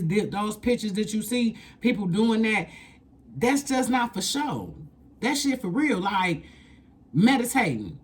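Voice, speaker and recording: A woman doing a casual tarot reading, blunt and profane, repeating lines for emphasis. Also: medium pitch. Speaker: tarot reader.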